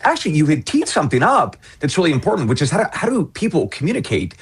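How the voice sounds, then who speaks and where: A man in his forties, a former intelligence officer appearing as a guest, animated and joking as he talks. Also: a little high, quick pace, breathy edge. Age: 40s. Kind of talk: casual chat.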